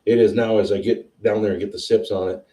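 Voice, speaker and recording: A man hosting a whiskey tasting livestream, chatting casually and excitedly as he tastes. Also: on the low side, quick pace, far from the mic. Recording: roomy sound, a bit off-mic.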